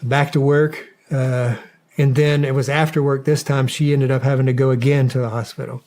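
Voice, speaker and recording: A man of middle pitch talks through an old army story as a podcast guest. He rambles along with plenty of fillers and the odd curse, circling back on himself as he goes. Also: flat delivery, normal speed, darkish tone. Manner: rambling, swears, many fillers. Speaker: guest, former soldier. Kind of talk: casual storytelling.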